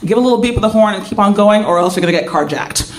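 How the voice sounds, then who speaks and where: A woman's voice: medium pitch, lively intonation, rapid-fire, lightly acted. A woman voicing a bossy, breezy Brazilian woman instructor who gives orders in a matter-of-fact, dismissive way. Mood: instructing.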